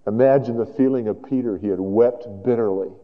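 A man preaching a sermon in an animated way, moving between loud emphasis and hushed tones. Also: medium pitch, a little fast. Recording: dull lo-fi sound with long hall reverb.

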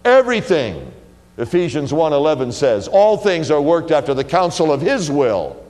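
A male pastor delivers a sermon in a church sanctuary, his pitch leaping and falling with lively emphasis. He swings between loud declarations and hushed low lines. A long reverb tail follows every phrase. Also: normal speed.

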